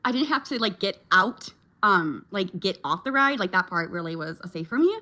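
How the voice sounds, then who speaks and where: Bright-voiced chatty woman vlogger. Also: mid-range voice, lively intonation, normal speed. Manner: chatty, laughs often, reacts to viewer comments. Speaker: vlogger and mom. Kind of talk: casual chat with viewers.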